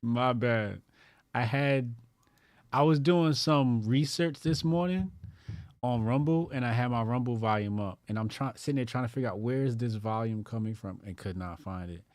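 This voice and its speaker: A man's voice: mid-range voice, normal speed, darkish tone, no room sound. A man from New Jersey hosting his own show, talking loosely with slang and laughing often. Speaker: host. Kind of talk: casual live-stream talk.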